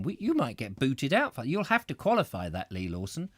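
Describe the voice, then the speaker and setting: Middle-aged male host, rambling and chatty, very animated pitch, dry close sound. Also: brisk, few pauses, no room sound. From Britain. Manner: rambling, self-interrupting, chatty asides. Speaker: reader and host. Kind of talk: live reading with chat comments.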